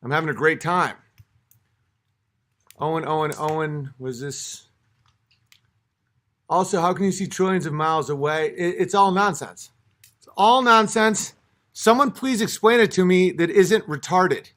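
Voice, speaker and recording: A man's voice: fairly high pitch, a little slow, long pauses, fairly bright tone. A young man a few drinks in, ranting in exasperation on a livestream, swearing and restarting as he reads his chat. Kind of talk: livestream rant.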